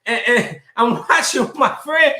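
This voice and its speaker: High-voiced, bright-toned male show host. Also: a little slow, echoey room. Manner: animated, greets viewers by name; blunt, profane. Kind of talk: livestream commentary.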